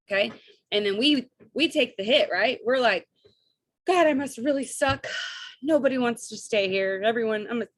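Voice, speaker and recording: A woman, coaching her sales team on a video call in an energetic, chatty way and often checking in with "right?" and "okay?". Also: sits high. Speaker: network marketing coach.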